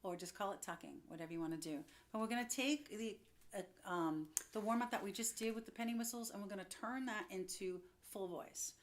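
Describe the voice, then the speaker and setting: A young woman giving a singing lesson, upbeat and chatty, explaining as she goes. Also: medium pitch. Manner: upbeat, explains with quick demos and laughs. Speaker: vocal coach.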